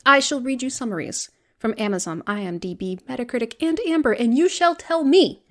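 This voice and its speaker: A woman's voice: on the high side, a little fast. Profane, rambling woman podcast co-host. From Vermont. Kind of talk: casual chat.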